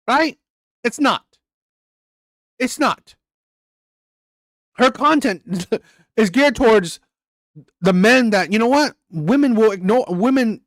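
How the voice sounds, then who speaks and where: A man's voice: sits high, animated, unhurried, dry recording, studio quality. A man hosting a reaction channel, ranting bluntly and crudely about a played clip. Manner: blunt, crude, repetitive and heated.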